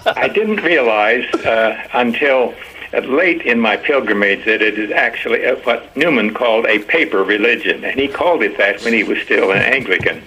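An older man, a priest, giving a reflective personal testimony in a halting way, with frequent fillers and repeated words. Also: medium pitch, pushed and bright, slight background noise, rough recording. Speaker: priest guest.

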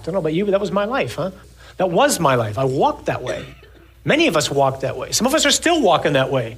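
A man giving a sermon, reading scripture slowly and then talking in a casual, joking way. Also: on the high side, sing-song, slightly rough. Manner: reads scripture slowly, then jokes conversationally.

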